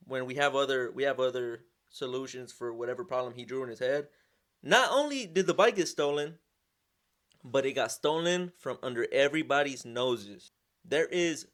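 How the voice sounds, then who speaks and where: A young man telling a story casually, animated and slangy, often restarting and repeating words. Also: on the high side. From Southern California. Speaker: vlogger, sponsored motorcycle rider.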